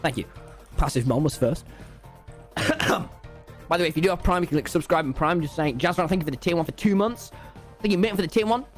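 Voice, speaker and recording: A man's voice: fairly high pitch, brisk, long pauses, soft background music. A teenage boy with a British accent tells a rambling, sarcastic school story while gaming live on stream, full of mock self-pity. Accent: British English.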